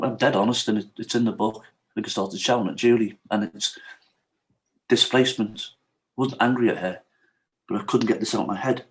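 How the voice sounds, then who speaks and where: A middle-aged man, a podcast guest telling his own hard story frankly and with feeling, often checking in with "you know what I mean?". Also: lowish voice. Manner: frank and emotional, retells what others said to him. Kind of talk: candid personal storytelling in an interview.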